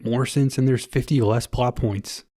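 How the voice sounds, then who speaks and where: A man's voice: mid-range voice, fairly even intonation, warm tone, dry recording, clean studio sound. A man co-hosting a movie podcast, making wisecracks in casual chat. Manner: slow, wisecracking, laughs often. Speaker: podcast co-host.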